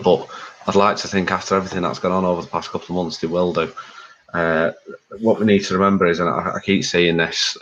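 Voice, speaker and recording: A man with a very low voice gives his candid, rambling view in a casual fan discussion. The audio is dull and lo-fi. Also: fairly bright tone. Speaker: fan pundit.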